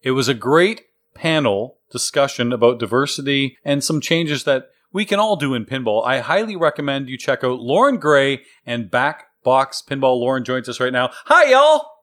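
A man's voice: mid-range voice, moderate pace, hardly any pauses, fairly bright tone. A man hosting a pinball trivia podcast, introducing contestants in an upbeat announcer manner. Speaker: podcast host. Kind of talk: game-show style hosting.

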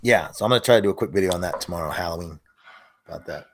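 A man's voice: low voice, very fast, a little hiss or hum. Earnest middle-aged man telling a story. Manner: earnest, self-critical storytelling. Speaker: podcast co-host, hunting video maker. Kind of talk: casual chat.

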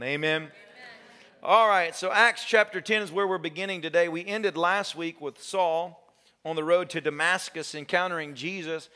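A male pastor preaching a sermon, telling a story with jokes and acting out quotes. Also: on the high side. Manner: animated, joking, acts out quotes. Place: church sanctuary.

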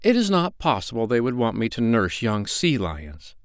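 A man voicing a gentle, anxious female dog in a storybook, speaking in a prim, fussy way. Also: mid-range voice, huge pitch swings, moderate pace, no echo, studio quality. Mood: fretful. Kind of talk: storybook reading.

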